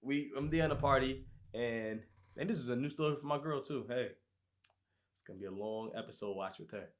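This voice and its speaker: A man with an ordinary mid-range voice hosts a casual podcast chat. He tells his stories in an animated way and acts out his own lines and reactions as he goes. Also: medium pitch, a little fast. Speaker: podcast host.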